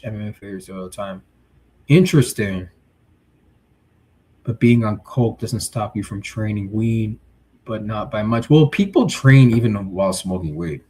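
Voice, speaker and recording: A man's voice: lowish voice, slightly rough. A male livestream host chatting casually, reading viewer comments and giving blunt, slangy takes. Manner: blunt, animated, street slang.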